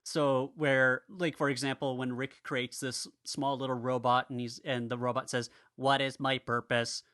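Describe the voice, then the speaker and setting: A man co-hosts a casual podcast, his voice bright and forward. The sound is dry and close, with no room around it. He rambles, restarts his sentences and laughs as he talks. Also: mid-range voice, level tone, moderate pace, no room sound. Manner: rambling, restarts often, laughs while talking. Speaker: podcast co-host.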